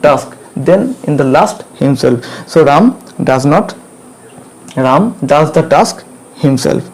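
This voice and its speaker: Man teaching grammar, dark mellow voice. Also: on the high side, low-quality recording. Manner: repetitive, drills points again and again with checking questions. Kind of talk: classroom grammar lesson.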